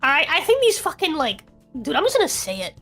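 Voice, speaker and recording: A drunk young woman rants on a podcast stream, cursing in nearly every sentence. Her voice sits high and swoops through a wide pitch range. It has a bright, sharp edge. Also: huge pitch swings, quick pace, faint music behind. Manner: ranting, swearing heavily. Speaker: podcast co-host. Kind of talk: casual streamed podcast chat.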